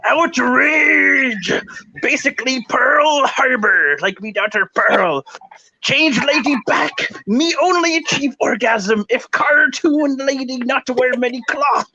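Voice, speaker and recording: A man reading out a crude, dim-witted male internet commenter in broken caveman grammar, loud and indignant. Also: very high voice, expressive, slow pace, creaky, voice pushed up, full character voice, low-quality recording. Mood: outraged.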